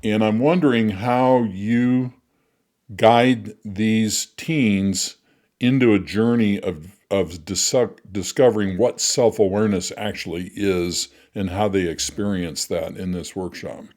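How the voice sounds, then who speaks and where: A middle-aged man hosting an interview, asking questions in a thoughtful, measured way. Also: fairly low pitch, darkish tone. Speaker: host.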